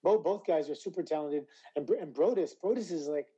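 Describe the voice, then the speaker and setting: A man being interviewed about his wrestling career, voice slightly hoarse, telling stories animatedly with stammered restarts. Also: a little high, a little fast, warm tone, lo-fi sound. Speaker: interview guest, former wrestler. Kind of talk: casual interview chat.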